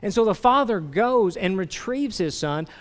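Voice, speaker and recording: A pastor with a high, lively voice preaches a conversational sermon at a normal pace, putting questions straight to his congregation and often restarting his phrases. The long reverb of a large hall surrounds the recording.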